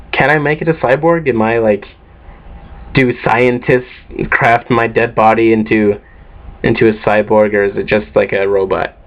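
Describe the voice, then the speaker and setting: A teenage boy vlogging in a casual, rambling way, offhand and swearing a lot, tired from lack of sleep. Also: mid-range voice. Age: teens. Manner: profane, offhand, self-mocking. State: sleep-deprived. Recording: dull lo-fi home recording.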